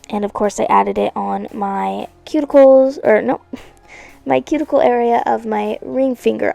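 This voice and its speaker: A woman's voice: a little high, creaky. A woman narrating a nail art video in a chatty, playful way, correcting herself and tossing in asides. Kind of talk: casual voice-over narration. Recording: soft music underneath.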